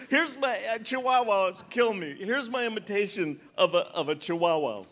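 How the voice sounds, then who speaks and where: A man's voice: high voice, expressive, moderate pace, hardly any pauses, fairly bright tone. Seventies man doing teasing stand-up. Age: 70s. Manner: conversational, teasing audience members. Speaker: comedian. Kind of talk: stand-up comedy with audience banter. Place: large conference hall stage.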